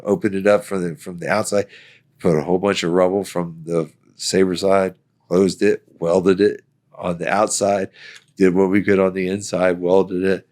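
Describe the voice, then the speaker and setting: A man from Florida, a veteran, telling a story casually, acting out the quoted lines and laughing often. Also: low-pitched. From Florida, United States. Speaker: guest, Army veteran.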